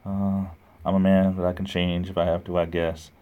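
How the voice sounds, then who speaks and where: A man's voice: low voice, little pitch movement, normal speed, phone-quality sound. A man hosting a casual livestream, rambling, ranting and reading the chat aloud. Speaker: livestream host. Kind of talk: casual live-stream chat.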